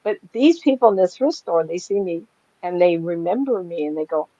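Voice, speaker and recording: A woman's voice: on the low side, fairly quick, no room sound. Chatty older woman telling stories. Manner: chatty and animated, laughs often while telling anecdotes. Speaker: psychic medium guest. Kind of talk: casual storytelling in an interview. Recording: dry, slightly dull lo-fi sound.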